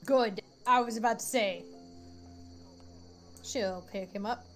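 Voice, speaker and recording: A woman's voice: on the high side, slow, pauses often, slight background noise. A woman playing a tabletop game, joking and teasing in casual banter. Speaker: player. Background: background music.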